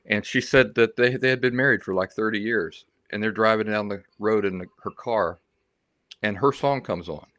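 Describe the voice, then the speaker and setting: Low-voiced man chatting on a livestream. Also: normal speed, fairly bright tone, no room sound. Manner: rambling, chatty storytelling and reading out viewer comments. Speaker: livestream host. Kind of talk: casual livestream chat.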